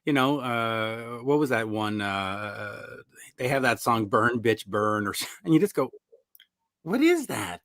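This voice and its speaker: A man guesting on a podcast as a rock music commentator, telling animated stories and acting out fans' surprised reactions. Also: lowish voice, unhurried, no echo, clean studio sound. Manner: sardonic about song lyrics. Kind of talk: casual interview chat.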